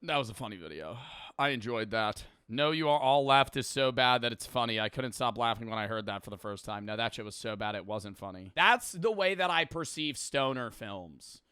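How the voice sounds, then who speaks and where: A young man reacts to a comedy video, rambling in a lively, swinging voice and swearing freely. His tone is bright and crisp, and the recording is close and dry. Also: medium pitch, fairly quick, no room sound. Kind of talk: casual reaction commentary.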